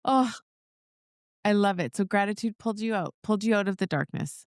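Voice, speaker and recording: A woman's voice: medium pitch, fairly quick, no room sound, clean studio sound. A woman hosting a podcast, gushing with praise and affection for her guest. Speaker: podcast host. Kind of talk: casual interview chat.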